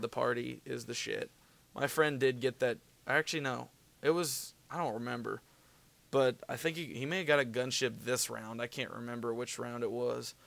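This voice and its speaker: A man's voice: medium pitch, vocal fry, clean tone, dry recording. A young man giving casual, rambling commentary over gameplay, with lots of fillers and profanity. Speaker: gaming video commentator.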